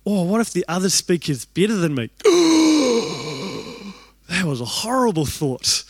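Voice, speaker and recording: A young man preaching a storytelling sermon in an animated, self-deprecating way, acting out the thoughts he quotes. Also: high voice, fairly quick, no echo.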